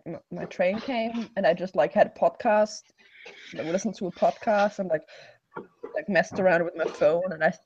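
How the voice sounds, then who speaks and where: A woman's voice: fairly low pitch, highs cut off. A woman chatting casually on a video call, telling a story with many fillers. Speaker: hangout participant.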